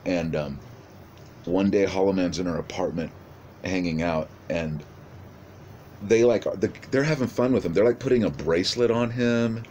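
A man casually pitching a movie idea in a rambling, profane monologue full of restarts. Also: normal speed, darkish tone, muffled recording, slight background noise.

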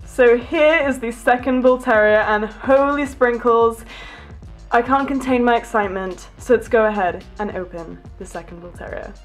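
A woman hosting a casual unboxing vlog, gushing and excitable with frequent gasps over her new toys. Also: on the high side, moderate pace, music in the background. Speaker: toy collector vlogger.

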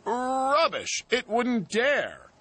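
Man putting on a proud bragging tank engine, haughty, raised pitch, lively, storybook. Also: moderate pace, breathy edge. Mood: scornful. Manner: haughty, boastful. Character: boastful vain young male tank engine.

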